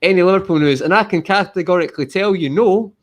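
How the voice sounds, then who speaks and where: A man hosting a casual football podcast, animated and emphatic, calling everyone mate. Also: high-pitched, fast talker. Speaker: podcast host.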